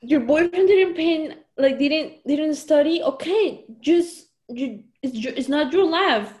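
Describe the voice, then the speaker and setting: A woman's voice: high voice, animated, slow pace, a little mellow. A young woman co-hosting a podcast, casually recapping a TV episode in a rambling way, full of "like" and giggles. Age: young adult. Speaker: podcast co-host. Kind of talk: casual chat.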